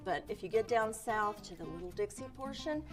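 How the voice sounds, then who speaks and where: Clear-speaking woman explaining regional speech. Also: mid-range voice, lively intonation, fairly quick, over music. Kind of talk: explanatory interview clip.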